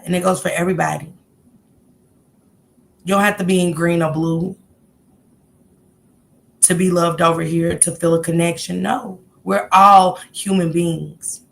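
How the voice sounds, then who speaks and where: A woman hosts a casual livestream, greeting viewers in the chat by name in a heartfelt, encouraging way. Her voice is on the low side and gravelly, with slight background noise.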